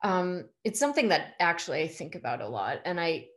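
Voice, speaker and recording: Halting, hesitant woman artist in her forties. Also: on the low side, sing-song, a bit bright. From United States. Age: 40s. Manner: hesitant, halting, many restarts. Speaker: artist guest. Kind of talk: casual conversation.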